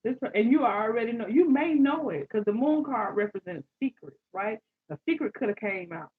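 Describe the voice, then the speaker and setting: A woman giving a live tarot reading, animated, exclaiming and repeating phrases to her listeners. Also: a little high, brisk, breathy edge. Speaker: tarot reader. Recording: dull lo-fi sound.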